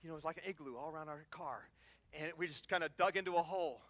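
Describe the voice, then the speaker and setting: A fast-talking middle-aged man with a fairly high pitch preaches with passion at a conference hall. As a conference speaker, he narrates stories vividly and acts out the cries in them.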